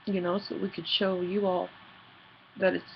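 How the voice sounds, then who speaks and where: Gravelly-voiced woman speaking into a lo-fi recorder. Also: on the low side, level tone, a little hiss or hum. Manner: halting and earnest, full of fillers and restarts. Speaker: paranormal investigator and team leader. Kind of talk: personal video diary.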